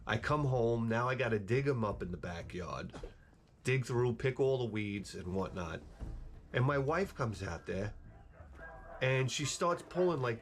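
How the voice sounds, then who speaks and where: A man's voice: medium pitch, slight background noise. A middle-aged man ranting in an exasperated, profane way while telling home stories over gameplay. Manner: profane, exasperated, animated ranting with mocking quoted voices. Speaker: gaming video host.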